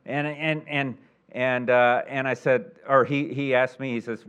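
Folksy preacher with rising emphatic peaks. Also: male voice, mid-range voice, steady tone, normal speed, clear, resonant tone. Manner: folksy storytelling with many restarts and uh fillers; swings between quiet asides and loud emphatic peaks. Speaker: pastor. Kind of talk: sermon.

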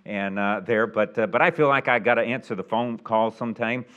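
A middle-aged man preaching a sermon as pastor, telling a story in a folksy way with many restarts, moving between quiet asides and loud, emphatic peaks. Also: on the low side, a little fast, narrow, tinny audio.

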